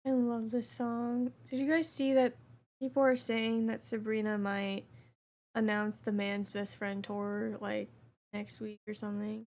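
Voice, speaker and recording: A young woman streamer chatting casually with her chat while she plays, reading messages aloud in a relaxed way. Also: a little high, a little slow.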